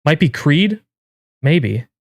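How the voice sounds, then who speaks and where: A man streaming live, reacting in casual commentary with incredulous, swearing outbursts that jump up in pitch. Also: big pitch swings, takes it slowly, dry recording, clean studio sound. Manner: incredulous, swearing, rising to yelps of disbelief. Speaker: game streamer and YouTuber.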